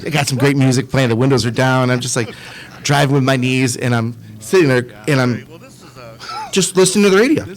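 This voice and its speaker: A man telling a wild story on a casual podcast, laughing, swearing and shouting at the punchlines. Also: medium pitch, fairly quick, rough recording.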